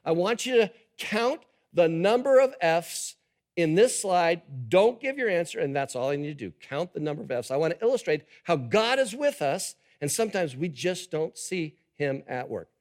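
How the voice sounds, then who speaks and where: A pastor preaching a sermon to a live congregation, animated and quizzing the audience. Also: male voice, on the high side, moderate pace. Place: church service with a live audience.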